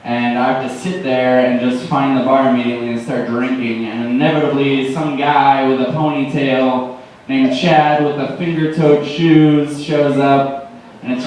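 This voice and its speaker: A young man doing deadpan open mic stand-up, rambling with lots of fillers. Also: mid-range voice. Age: late teens to early 20s. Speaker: stand-up comedian. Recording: echoey room, distant mic, faint noise.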